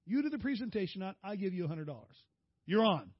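A middle-aged man preaching, telling a long personal story in a folksy, animated way and raising his voice for the people he quotes. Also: sits high, fast talker, dry recording, muffled recording. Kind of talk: storytelling sermon.

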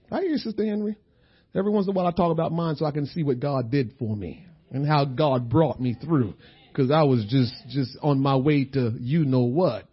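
A man's voice: mid-range voice, brisk, slightly rough. A middle-aged man preaching a sermon in church, telling his own story in a loose, conversational way, often repeating his words. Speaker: pastor. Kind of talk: sermon with personal testimony. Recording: dull lo-fi sermon recording.

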